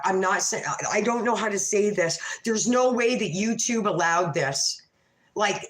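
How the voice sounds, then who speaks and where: A woman's voice: medium pitch, a bit bright, roomy sound. A woman hosting a late-night livestream, chatting in a rambling, profane and gossipy way. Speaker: livestream host.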